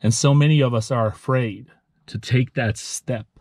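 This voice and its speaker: A man in his thirties who owns a lawn care business, giving a heartfelt motivational vlog talk, earnest and emotional, halting and restarting as he speaks. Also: mid-range voice, steady tone, darkish tone, breathy edge, no echo, studio quality. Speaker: lawn care business owner and channel host.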